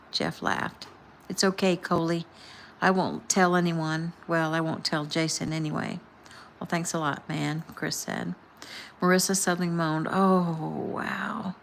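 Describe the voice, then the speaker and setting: A woman, the author, casually reading her own novel aloud and softly voicing the characters' dialogue. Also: on the low side, creaky, a little hiss or hum.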